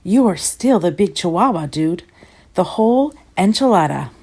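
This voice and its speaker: A woman voicing a playful, boastful young boy kitten who talks in an excited sing-song voice. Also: fairly low pitch, normal speed. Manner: excited, sing-song, fake Spanish flourishes.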